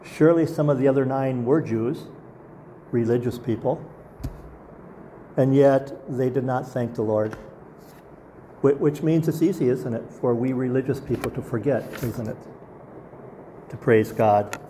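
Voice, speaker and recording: A man's voice: mid-range voice, unhurried, long pauses, warm tone, a little hiss or hum. A man preaching a sermon as pastor, earnest and asking the congregation rhetorical questions.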